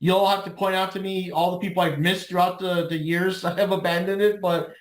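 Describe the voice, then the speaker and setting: A man co-hosting a podcast in casual chat, his voice quite high for a man. He rambles in a laid-back way and keeps restarting his sentences. The recording sounds roomy and echoey. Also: level tone, a little fast. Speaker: podcast co-host.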